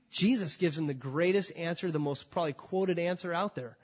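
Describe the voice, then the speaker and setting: A man preaching a sermon to a congregation, emphatic, swinging between loud declarations and quiet, drawn-out phrases. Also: fairly high pitch, breathy edge. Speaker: pastor. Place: church before a congregation.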